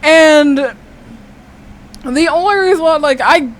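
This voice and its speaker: A woman's voice: takes it slowly, a little hiss or hum, poor audio. A young woman from Texas chatting casually and animatedly, acting out quotes as she tells stories. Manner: animated storyteller, acts out quotes with wide pitch jumps. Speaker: co-host of a gaming video. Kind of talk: casual chat.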